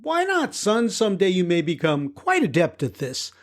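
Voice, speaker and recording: Man doing a jovial patient dad, upbeat, animated pitch, storybook reading. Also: normal speed. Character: cheerful easygoing father piloting the rocket. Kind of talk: audiobook character voice.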